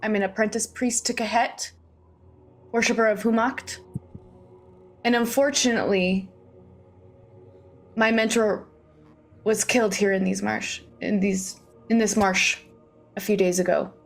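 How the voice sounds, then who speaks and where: A woman voicing a young apprentice priestess in a tabletop game, speaking in earnest, measured declarations. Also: mid-range voice, fairly even intonation, vocal fry, soft background music. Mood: defiant.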